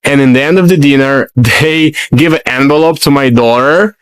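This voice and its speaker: A man's voice: medium pitch, normal speed, smooth, no echo. A man, a father, telling a grateful story to camera.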